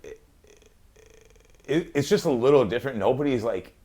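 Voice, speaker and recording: A man hosting a podcast in casual chat, an animated storyteller who acts out quotes, swears freely and laughs often. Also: mid-range voice, moderate pace. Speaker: podcast host.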